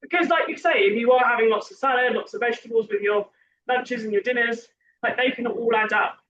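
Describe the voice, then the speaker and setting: High-voiced, slightly hoarse woman. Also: fairly quick, a bit bright. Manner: chatty, rambling, self-correcting. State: slightly hoarse, losing her voice. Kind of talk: casual podcast chat. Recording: distant muffled mic with background noise.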